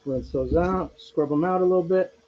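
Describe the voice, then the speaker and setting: A young cooking channel host streams live from his home kitchen, chatting and joking with viewers as he cooks. His voice is a little high and his pace moderate, and the sound is lo-fi.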